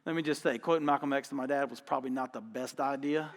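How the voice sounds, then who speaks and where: A man's voice: medium pitch, steady tone, fast talker, in a large hall. A man preaching a sermon as pastor, telling stories in an emphatic, folksy, conversational way. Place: church auditorium.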